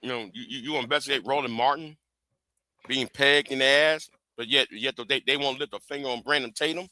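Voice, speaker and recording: A man hosting a casual livestream chat, halting and repeating his words as he talks. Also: medium pitch, steady tone, pushed and bright, no room sound. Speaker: livestream host.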